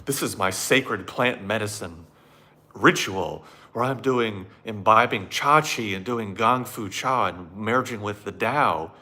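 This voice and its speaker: A man putting on the voice of a self-absorbed man, indignant and mock-solemn about his sacred tea ritual, speaking slowly. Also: lowish voice, pushed and bright. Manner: slow, affronted, mock-solemn.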